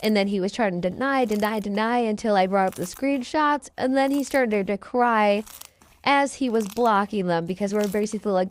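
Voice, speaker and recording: A woman's voice: medium pitch, moderate pace. A woman in a casual vlog monologue who speaks bluntly and recounts events blow by blow. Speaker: streamer telling her side of a dispute.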